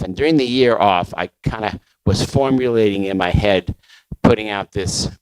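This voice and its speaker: Middle-aged male label founder, lowish voice, chatty storyteller, close and dry. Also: no echo, low-quality recording. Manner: conversational with many fillers and restarts. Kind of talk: conference talk storytelling.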